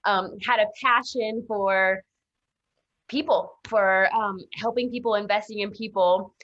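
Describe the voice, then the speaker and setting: A young woman from Arkansas, telling her story as an interview guest in an animated way, laughing often and acting out quotes. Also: medium pitch, measured pace. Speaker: guest, self-defense instructor. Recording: dull lo-fi sound.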